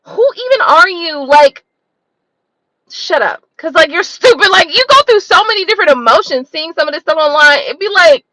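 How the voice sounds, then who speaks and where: Woman going off on a profane rant, very high bright voice, dry close sound. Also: animated, moderate pace, dry recording, rough recording. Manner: blunt, profane, exasperated ranting with rhetorical questions. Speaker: tarot reader and channel host. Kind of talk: unscripted livestream rant.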